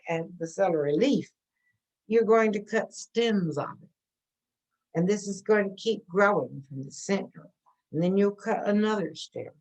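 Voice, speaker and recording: A woman's voice: on the low side, darkish tone, low-quality recording. A woman teaching an informal gardening class, chatty and answering questions, often checking in with "okay?".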